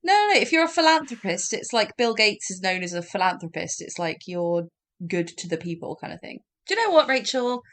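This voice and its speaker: A woman's voice: mid-range voice, very animated, a little fast, a bit bright. A woman, co-hosting a podcast, playful, reacting and swearing casually. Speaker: podcast co-host. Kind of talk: casual chat.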